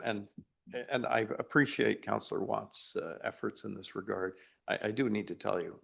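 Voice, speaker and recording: Man, meeting chair, plainspoken, husky gravelly voice. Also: on the low side. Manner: plainspoken, hesitant restarts. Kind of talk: council meeting discussion.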